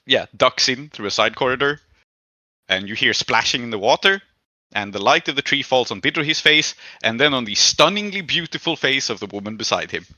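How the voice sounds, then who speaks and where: Man, game master, very bright voice, dry close sound, casual narration, fillers. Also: mid-range voice, dry recording, rough recording. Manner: casual, laughing, many fillers.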